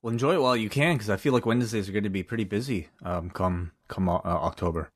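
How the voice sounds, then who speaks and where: A man with a fairly low voice co-hosts a podcast. He chats casually and drops dry, wry remarks. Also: quick pace, husky. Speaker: podcast co-host.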